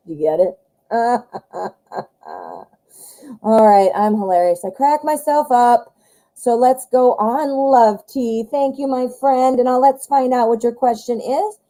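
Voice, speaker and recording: A chatty, excitable woman, hosting a live tarot reading stream and joking about herself. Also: on the high side, slow pace, pauses often, rough recording. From western suburbs of Chicago, US. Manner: chatty, excitable, self-deprecating jokes.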